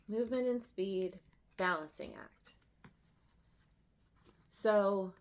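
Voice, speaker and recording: A woman reads tarot cards aloud to her viewers, taking her time. Her voice sits a little low, and she moves between hushed reflection and excited bursts, often stopping and restarting her sentences. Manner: emotional, effusive, halting with restarts and laughs. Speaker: tarot reader. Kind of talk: tarot reading to camera.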